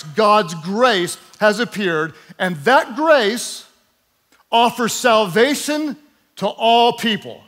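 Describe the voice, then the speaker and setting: The man preaching has a high, fairly bright voice. As a pastor giving a sermon, he is emphatic, prompts his congregation to repeat words out loud, and mixes in playful comments.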